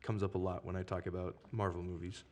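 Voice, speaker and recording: Young male guest, fairly low voice, easygoing and enthusiastic movie chat. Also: level tone, fast talker, darkish tone, slight background noise. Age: young adult. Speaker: podcast guest. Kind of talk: casual chat.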